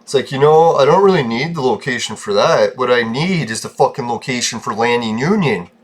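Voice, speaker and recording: A man's voice: medium pitch, animated, brisk, husky. Foul-mouthed ranting gaming vlogger, a man. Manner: profane, ranting, easily irritated. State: short-tempered. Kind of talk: casual gameplay commentary.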